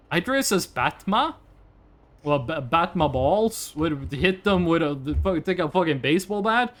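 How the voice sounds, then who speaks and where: A man from Norway, chatting to viewers during a live game stream in an animated, joking, rambling way. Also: on the high side, measured pace.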